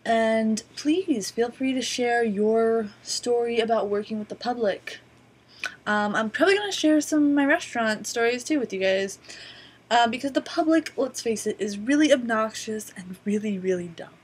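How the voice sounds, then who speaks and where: A woman's voice: on the high side, moderate pace, husky. A woman vlogger telling stories casually to her laptop webcam, rambling with many "um"s and a wry, profane streak. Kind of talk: casual storytelling to camera. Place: indoors at a borrowed laptop.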